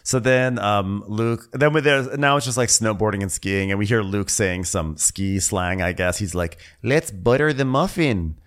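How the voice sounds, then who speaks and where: Wry lower-voiced man cracking jokes. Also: fairly even intonation, normal speed, hardly any pauses, clear, resonant tone. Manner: wry, joking asides, loud mock-quotes. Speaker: podcast co-host. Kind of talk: casual recap chat.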